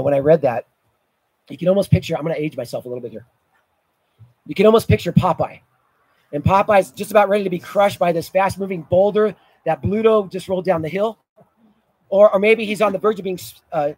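A middle-aged pastor preaching with a high, husky voice. He tells stories, swelling and dropping his volume, and the sound is dry and close. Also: fairly quick, pauses often, darkish tone, no room sound, rough recording. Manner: storytelling preacher, rises and drops in volume. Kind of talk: sermon.

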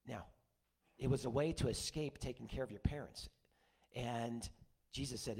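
A man's voice: mid-range voice, moderate pace, pauses often, darkish tone, breathy edge. An older man preaching a conversational sermon, mixing scripture with folksy stories from his week. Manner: folksy storytelling with asides. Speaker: pastor.

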